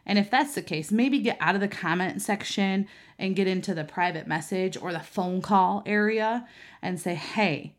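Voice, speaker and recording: A woman's voice: mid-range voice, moderate pace. A woman in her thirties, a mother, talking earnestly to camera in a conversational way, with many fillers and restarts. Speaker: mother and vlogger.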